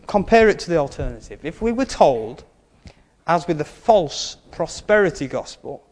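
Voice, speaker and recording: A man's voice: a little high, a little mellow, big-room sound. A male preacher giving a sermon in an earnest way, stressing his key points and adding wry asides.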